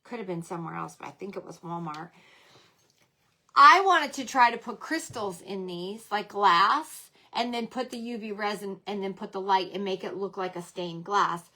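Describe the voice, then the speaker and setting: A woman's voice: medium pitch, bright, forceful tone. A middle-aged woman hosting a casual crafting livestream from home, chatting about her supplies, scolding herself for forgetting things and greeting viewers by name.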